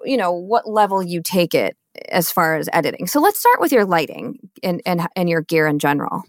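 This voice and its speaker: Lady podcast host, lowish voice, dry close sound, lots of yeahs and mm-hmms. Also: sing-song, fairly quick, no echo. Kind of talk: conversational interview.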